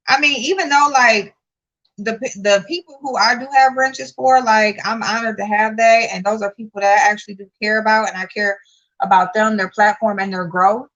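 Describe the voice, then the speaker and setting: A woman's voice: mid-range voice, fairly even intonation, normal speed, a bit bright, highs cut off. A woman, a channel host giving casual, profane commentary, blunt and sassy, rising to exasperated outbursts. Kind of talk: casual live-stream commentary.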